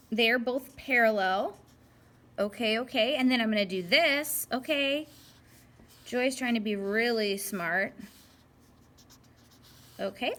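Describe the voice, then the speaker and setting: This young woman's voice is a little high with a fairly bright tone. As a math teacher, she keeps her graphing lesson chatty and playful, talking to herself while she works.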